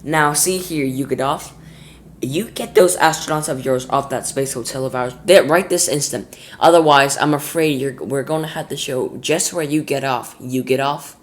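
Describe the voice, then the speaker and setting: A man voicing a blustering, childish male president in a read-aloud storybook, loud and bossy. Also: mid-range voice, normal speed, natural voice.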